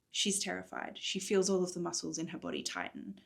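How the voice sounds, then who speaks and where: A woman's voice: lowish voice, very animated, fairly quick, creaky, hardly any pauses. Chatty woman recapping her book. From Australia. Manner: enthusiastic, chatty, with laughs. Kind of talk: chatty readalong recap mixed with book reading. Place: hotel room.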